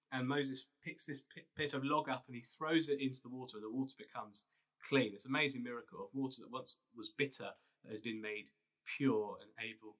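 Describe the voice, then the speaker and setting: A man's voice: mid-range voice, bright, forceful tone. A man, a pastor telling a Bible story as a casual, conversational sermon. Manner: storytelling, conversational with restarts and fillers.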